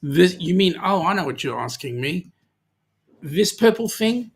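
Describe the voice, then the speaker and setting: A man's voice: high-pitched, animated, a little slow, slightly rough. A man with an Australian accent hosting a casual livestream, reading out viewer comments with lots of hesitant ums and playful teasing. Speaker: livestream host.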